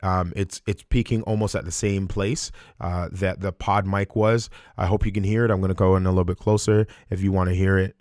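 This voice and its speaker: A young Canadian man with a deep voice speaks briskly and barely pauses, talking casually into a close studio mic. As a YouTube creator testing microphones, he opens his gear review with an energetic, hyped-up intro full of rising shouts.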